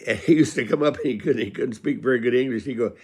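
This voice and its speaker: A man's voice: mid-range voice, quick pace, darkish tone, breathy edge. An older man from California telling rambling, folksy stories about his old buddies, chuckling as he goes. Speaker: storyteller. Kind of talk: casual spoken storytelling.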